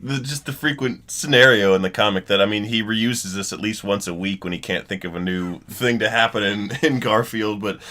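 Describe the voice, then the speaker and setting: A man co-hosting a comedy podcast, getting over an illness with a rough throat, halting and giggly in casual banter. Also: on the low side, pushed and bright. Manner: halting, giggly, loses his words. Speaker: podcast co-host.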